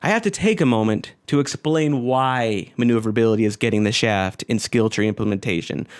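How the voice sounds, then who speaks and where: A man narrating a scripted video essay critiquing a video game, exasperated and sarcastic, with sighs and dramatic pauses. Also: lowish voice, clean tone. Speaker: game commentator.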